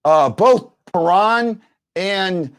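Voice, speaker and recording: Lively, rambling fan-show host, a man. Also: high-pitched, extremely slow, clean tone. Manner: rambling storyteller, restarts often. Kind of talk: casual sports chat.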